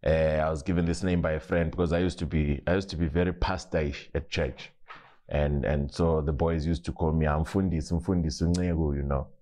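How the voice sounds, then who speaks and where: A man with a Zimbabwean Ndebele accent, a comedian telling stories in a relaxed interview. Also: very deep voice, fairly quick. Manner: relaxed storytelling with frequent restarts and laughs. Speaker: comedian guest. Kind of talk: casual interview, mixing English and Ndebele.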